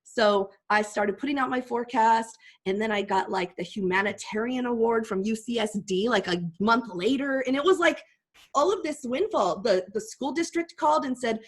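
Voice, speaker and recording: Middle-aged woman, slightly high voice, guest speaker telling her own story with feeling. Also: normal speed. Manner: animated, heartfelt storytelling. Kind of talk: personal storytelling talk.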